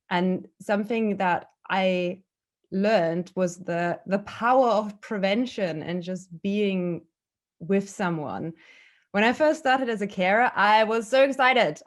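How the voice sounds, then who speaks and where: A woman who works as a festival carer, speaking thoughtfully on a panel and pausing to find words. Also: mid-range voice. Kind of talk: panel talk.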